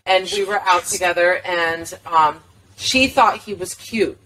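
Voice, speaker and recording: A woman's voice: lowish voice, a little slow, pushed and bright, low-quality recording. Woman, middle-aged, podcast host, casual storytelling, faint background hiss. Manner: chatty, tells stories about herself. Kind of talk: casual chat.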